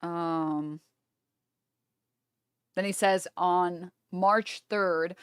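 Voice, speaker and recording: Woman streamer, kinda low smooth voice, dry close mic, reading stuff out loud, stumbly and swears offhand. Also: a little slow, pauses often, no echo. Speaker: live streamer. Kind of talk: casual live-stream reaction, reading messages aloud.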